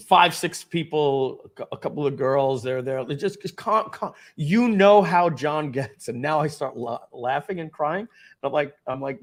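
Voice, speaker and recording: A man's voice: on the high side, moderate pace. A middle-aged man, a company founder, telling a dramatic personal story at a company event and acting out the scenes.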